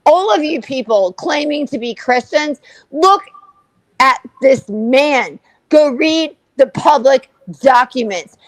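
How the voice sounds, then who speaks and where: Woman, high-pitched, dry close sound, furious profane rant, livestream co-host. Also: animated, takes it slowly, dry recording, low-quality recording. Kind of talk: livestream commentary.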